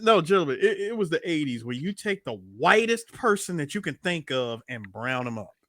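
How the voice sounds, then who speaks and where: Bright, excitable man pushing to make a point. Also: on the high side, fairly quick. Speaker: podcast co-host. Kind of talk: casual movie chat.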